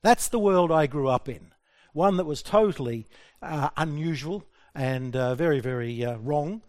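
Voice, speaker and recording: Lively Australian man telling stories. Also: fairly high pitch, moderate pace. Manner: lively, self-deprecating, asks the audience questions. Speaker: speaker addressing an audience. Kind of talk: humorous personal storytelling talk.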